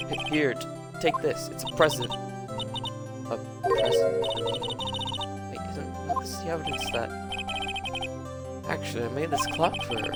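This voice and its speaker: A man's voice: mid-range voice, voice pushed up, lightly acted. A man voicing a goofy, overdramatic young man with a whiny, drawling way of talking. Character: goofy, dramatic young man, a lovesick slacker. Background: loud game music.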